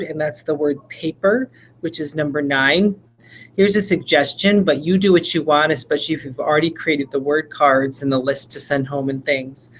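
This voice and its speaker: A woman with a low voice leads other teachers through a spelling lesson in a relaxed, explanatory way. She breaks words into single sounds and letters as she goes, and faint room ambience sits behind her. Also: a little hiss or hum, rough recording. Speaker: teacher trainer. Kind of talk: casual instructional walkthrough.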